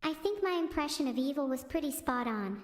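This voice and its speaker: High-pitched synthetic female streamer voice. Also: fairly quick, reverberant, big-room sound. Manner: flat synthetic text-to-speech delivery, self-absorbed jokes. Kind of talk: stand-up style stream chat.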